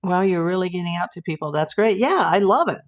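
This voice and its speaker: A woman's voice: lowish voice, lively intonation, fast. A woman, a private investigator, hosting a casual live stream from home and chatting as she answers viewer comments aloud.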